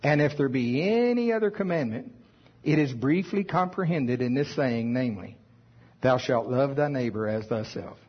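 A man's voice: medium pitch, expressive, normal speed, husky, lo-fi sound. A man preaching a sermon with emphasis, reading scripture aloud in old wording. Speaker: pastor.

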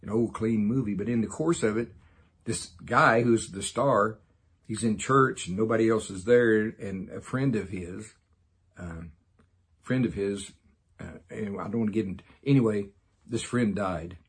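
Husky low-voiced man, folksy Bible teacher, excitable and chuckling. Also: measured pace.

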